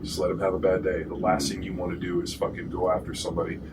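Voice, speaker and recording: A man, a former pro football lineman and podcast host, telling profane, animated stories in casual chat. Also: deep voice, quick pace. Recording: distant mic with noisy room.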